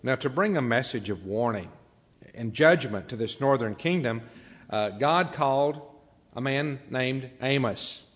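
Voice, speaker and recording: Male preacher, mid-range pitch, halting then emphatic delivery, muffled recording in a reverberant hall. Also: expressive, a bit bright. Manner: unscripted delivery with frequent "uh" pauses, building to emphatic peaks. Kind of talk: sermon.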